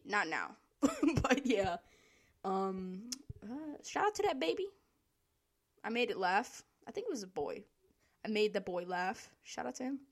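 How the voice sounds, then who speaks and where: A young woman telling a casual, profane story about her work, laughing often as she talks. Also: mid-range voice. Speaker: store worker telling work stories.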